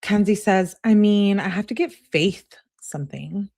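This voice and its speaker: A woman's voice: medium pitch, a little slow, vocal fry, dark tone. A woman host reading text messages aloud and commenting on them in a sassy, casual way, often laughing and talking back. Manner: sassy, laughs and talks back to what she reads.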